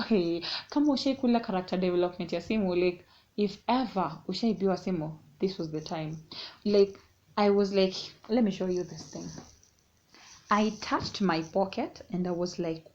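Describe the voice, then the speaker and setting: A woman's voice: medium pitch, measured pace, a little mellow. A young woman telling a story casually and animatedly, mixing English and Swahili. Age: young adult. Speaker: vlogger. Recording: dull lo-fi sound.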